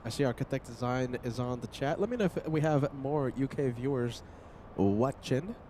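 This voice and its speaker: A man's voice: mid-range voice, moderate pace, mellow, a little hiss or hum. A man hosting a live plane-spotting stream, chatting with viewers by name while he is sick. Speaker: livestream host.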